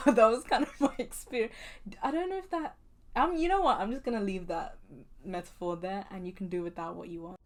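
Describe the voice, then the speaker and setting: A woman's voice: mid-range voice, fast talker. A young woman chatting casually and playfully about books she read, laughing often as she goes. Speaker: book vlogger. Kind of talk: casual book review chat.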